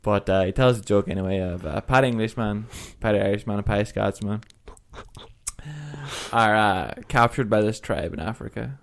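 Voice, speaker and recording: A man's voice: fairly low pitch, normal speed, vocal fry. A man co-hosting a casual podcast chat, telling stories in a rambling way and laughing often. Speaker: podcast co-host.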